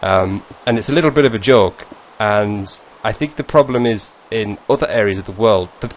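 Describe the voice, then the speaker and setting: A man's voice: lowish voice, normal speed, slight background noise. Rambling northern English guy. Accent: northern English, northeast England. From northeast England. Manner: rambling, self-correcting, chuckling asides. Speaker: vlogger. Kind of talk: casual chat over a screen share.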